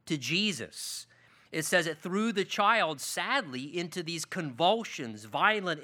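A middle-aged man preaching a sermon as pastor, moving between emphatic lines and hushed ones. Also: high-pitched.

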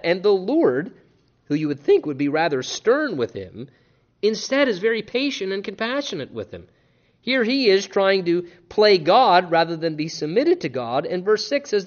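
A man preaching a sermon in an earnest, animated way, often repeating himself and restarting his sentences. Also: high-pitched, moderate pace, lo-fi sound. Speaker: pastor.

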